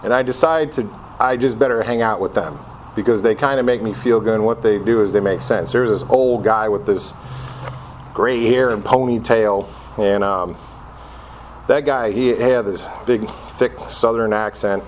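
A middle-aged man from Connecticut shares his personal recovery story with a group, casual and self-mocking, acting out his old reactions along the way. His voice is fairly low-pitched at a normal speed, with a little hiss or hum.

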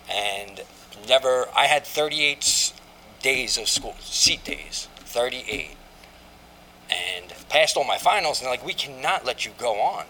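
A man candidly recounting his own life story in a halting, reflective way, often restarting and saying "you know". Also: medium pitch, bright, forceful tone, a little hiss or hum, rough recording. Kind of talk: candid personal testimony.

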